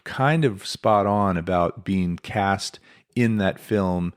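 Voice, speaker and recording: A man's voice: low-pitched, slow, clean tone. A man hosting a podcast, telling a life story in a casual, chatty way with lots of asides. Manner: conversational, many fillers and asides. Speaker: podcast host.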